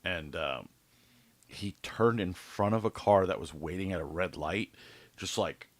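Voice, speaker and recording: A man in casual podcast chat, telling a story in an animated, profane way and acting out the people in it. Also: deep voice, a little slow, no room sound. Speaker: podcast host.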